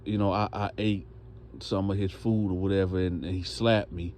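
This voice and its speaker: A man's voice: low voice, little pitch movement, normal speed, darkish tone, a little hiss or hum, natural voice. A man voicing a nervous young male inmate who stammers and mumbles.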